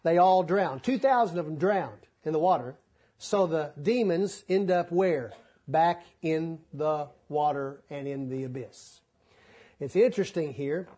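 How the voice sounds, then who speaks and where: A man's voice: fairly high pitch, measured pace, dark tone. A male preacher giving a folksy, joking sermon, reading scripture aloud and then retelling it in plain words.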